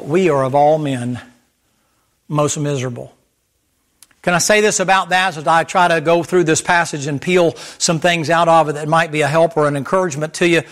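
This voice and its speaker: A middle-aged man preaching a sermon as pastor, swinging between loud, high emphasis and low, quiet passages. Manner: impassioned preaching, rising and falling in pitch and volume.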